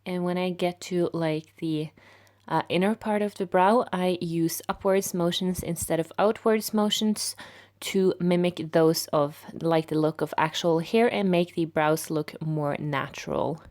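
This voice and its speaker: A woman with a raspy voice narrating a makeup tutorial in a relaxed, step-by-step way. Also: fairly low pitch, measured pace. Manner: relaxed, step-by-step explaining with fillers.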